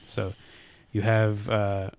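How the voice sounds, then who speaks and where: A man co-hosting a podcast, laying out his points in a measured, low-key way. His voice is low and flat in pitch, smooth and clear, and the recording is dry and close. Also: no room sound. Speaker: podcast co-host. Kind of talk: casual podcast chat.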